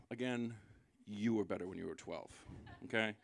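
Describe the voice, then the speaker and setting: A man performing a live stand-up set, sarcastic and building into loud mocking rants. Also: on the low side, fairly quick, gravelly, dry recording. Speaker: stand-up comedian. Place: live comedy venue.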